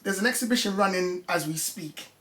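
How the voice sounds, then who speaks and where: A man's voice: high voice, fairly quick, fairly bright tone, reverberant. A man, a former music journalist, talking as a guest in a casual conversation, telling his story with passion and animation.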